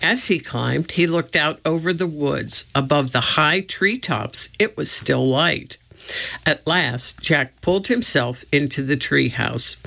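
An audiobook narrator reading a children's storybook in a slow, measured way, on a dull lo-fi recording. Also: medium pitch, vocal fry, pushed and bright.

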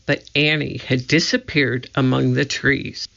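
An audiobook narrator reading a children's storybook in a slow, measured way, on a dull lo-fi recording. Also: medium pitch, flat delivery, creaky, fairly bright tone.

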